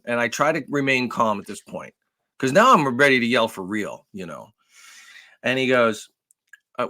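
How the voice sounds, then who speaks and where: A man's voice: mid-range voice, a little fast. A man co-hosting a podcast, telling a long story with lots of cursing and acting out both sides of phone calls. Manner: animated, profane storytelling, acts out phone calls. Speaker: podcast co-host. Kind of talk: casual storytelling chat.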